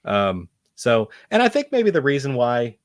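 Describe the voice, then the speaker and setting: A man's voice: medium pitch, huge pitch swings, measured pace, no room sound, clean studio sound. A man hosting a casual movie review podcast, rambling with many ums and casual swearing. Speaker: podcast host.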